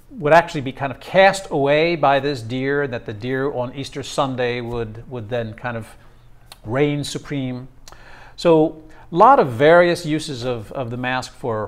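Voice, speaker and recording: A male instructor giving a classroom lecture, talking haltingly with many fillers and restarts. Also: mid-range voice.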